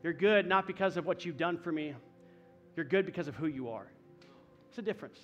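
A man with a fairly high, light voice delivers a sermon. He preaches in a relaxed, conversational way, full of folksy asides, and often drops to a soft murmur before lifting again. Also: a little fast, long pauses, soft background music. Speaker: pastor.

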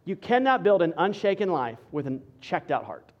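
A male pastor preaching a sermon with an emphatic, repetitive rhetorical cadence that drops to quiet for stress. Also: sits high, big pitch swings, normal speed, highs cut off.

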